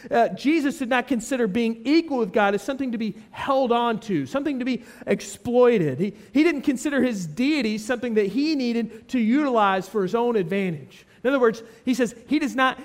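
Male preacher, very high voice, earnest expository sermon style. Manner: earnest, emphatic teaching with frequent restatement.

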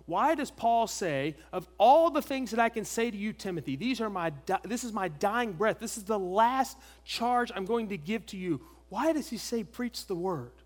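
A man's voice: high-pitched, animated, moderate pace, hardly any pauses. A man preaching an expository sermon, emphatic, asking rhetorical questions and repeating key phrases. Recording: long reverb of a large hall.

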